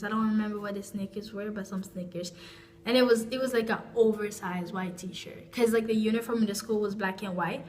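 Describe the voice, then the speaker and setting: A woman's voice: medium pitch, a little hiss or hum. A young woman vlogger telling a personal story in a casual, rambling way, with frequent restarts and asides.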